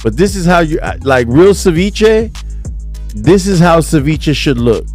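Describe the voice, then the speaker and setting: A man's voice: a little high, very animated, unhurried, darkish tone, soft background music. A man hosting a podcast in casual chat on a studio mic, enthusiastic and full of profane slang, breaking into sudden whoops. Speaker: podcast host.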